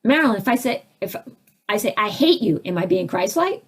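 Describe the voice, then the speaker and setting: Animated woman teaching spiritual topics. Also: a little fast, husky. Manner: animated, acts out quoted voices with big pitch jumps; takes audience questions, conversational asides. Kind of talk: live spiritual teaching session.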